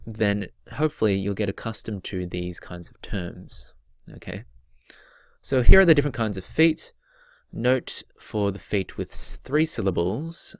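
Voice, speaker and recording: Low-voiced man teaching poetry rhythm. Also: creaky, dry recording. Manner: patient, repeats key points, chants rhythms aloud. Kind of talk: recorded slideshow lesson.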